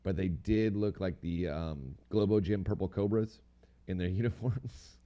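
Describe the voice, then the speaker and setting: A man with a low, mellow voice talks in a rambling, slangy way, tossing in casual swearing as he co-hosts a podcast chat. The recording is a little dull and lo-fi. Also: a little slow. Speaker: podcast co-host.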